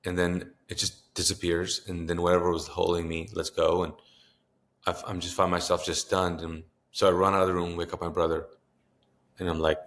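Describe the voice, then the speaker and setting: A man's voice: sits low, level tone, a little fast. A man in his fifties, a pastor, earnestly recounting a personal story in an interview and acting out the voices of people he quotes. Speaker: pastor and author, interview guest.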